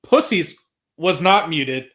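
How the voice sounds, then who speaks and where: A man's voice: fairly high pitch, slow pace. A man co-hosting a podcast, recapping an old wrestling show in casual chat, reading out quotes and swearing freely. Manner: excitable, swears freely, reads out promo quotes.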